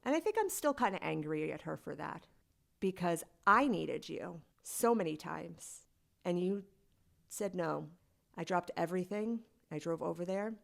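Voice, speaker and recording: A woman's voice: on the low side, lively intonation, measured pace, creaky. A woman guest on a podcast, telling a personal story in a candid, conversational way with lots of "like.". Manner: candid and conversational, heavy use of "like".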